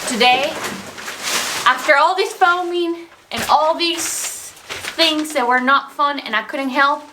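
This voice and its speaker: A young woman with a high-pitched voice talks slowly and casually to the camera while vlogging from inside the school bus she's converting, which is still under construction. She's playful and laughs often, and there's background noise.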